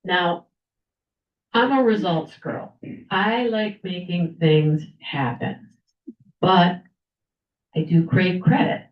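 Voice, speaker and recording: An older woman with a fairly low voice speaks slowly and pauses often as she delivers a prepared story at a club lunch, acting out the people she quotes. The meeting room is echoey, and the lo-fi recording sounds dull.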